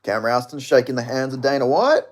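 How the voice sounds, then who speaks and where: Excitable Australian man reacting to fights. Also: mid-range voice, fairly quick. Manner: excitable, profane, shouts at big moments. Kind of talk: live watch-along fight reaction.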